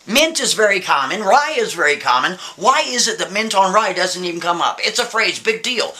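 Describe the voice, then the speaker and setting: Animated, bright-voiced male storyteller. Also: high voice, normal speed, few pauses. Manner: animated, addresses the listener directly. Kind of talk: casual spoken storytelling.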